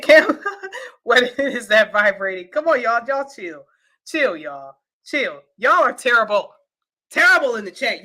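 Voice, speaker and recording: A woman with a twang chats casually on a livestream, joking with her viewers and laughing easily. Her voice has a bright, ringing edge. She banters between stories and then reads the news aloud in the same easygoing way. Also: mid-range voice. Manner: playful, teasing the chat, bursts of laughter. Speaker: livestream co-host.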